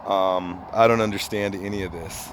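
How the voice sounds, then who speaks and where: A man's voice: low voice, fairly even intonation, normal speed, slight background noise. A man talking to his camera outdoors in an earnest, rambling way, often repeating himself. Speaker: vlogger. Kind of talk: casual monologue to camera. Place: outdoors, picking up trash.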